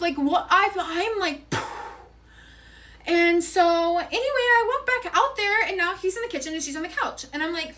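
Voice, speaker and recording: High-voiced young woman telling a storytime. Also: expressive, moderate pace, low-quality recording. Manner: frank, profane, rambling. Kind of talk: casual storytime. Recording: loud frying and sizzling behind voice.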